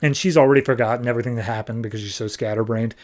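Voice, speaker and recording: A man's voice: medium pitch, racing. A man on a podcast casually recapping a comic book and acting out the characters' lines as he goes. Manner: animated retelling, acting out characters' lines in passing. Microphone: podcast microphone.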